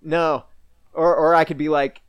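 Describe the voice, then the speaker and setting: A man's voice: a little high, level tone, unhurried, clean tone, no room sound, lo-fi sound. A young man co-hosting a podcast, talking casually with lots of restarts and frequent laughter. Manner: rambling, laughs a lot, many restarts. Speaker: podcast co-host. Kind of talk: casual chat.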